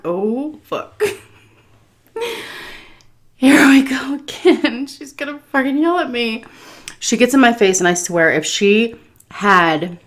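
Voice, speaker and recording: A woman food vlogger telling a story while she eats, animated, with swearing and laughter. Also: mid-range voice. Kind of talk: story time while eating.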